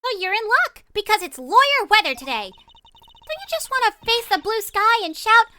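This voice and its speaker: A woman's voice: sing-song, moderate pace, bright, forceful tone, exaggerated voice. A woman voicing a bubbly, teasing teen girl. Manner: chirpy, teasing, high-spirited. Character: bubbly teenage girl magician, playful teaser. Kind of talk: fan voice-over of a game.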